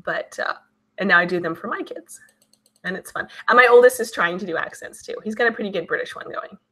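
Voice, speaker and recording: A woman hosting her channel, chatting casually and reading out viewer comments in a lively, talkative way. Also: medium pitch, fast talker, slightly rough. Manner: chatty, animated, many fillers. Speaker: channel host.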